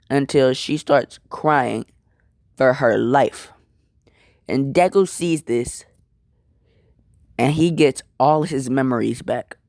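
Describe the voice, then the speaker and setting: A man's voice: medium pitch, a little mellow, no room sound, clean studio sound. A young man casually retelling a fan-made story, rambling with lots of fillers. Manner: rambling, filler-heavy, apologetic asides.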